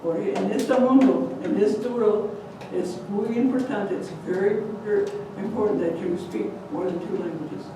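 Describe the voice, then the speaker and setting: A woman voicing a clever mother mouse who speaks in a steady, matter-of-fact teaching tone, in an echoey hall heard from a distant, noisy mic. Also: medium pitch, moderate pace, few pauses, close to an everyday voice. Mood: wise.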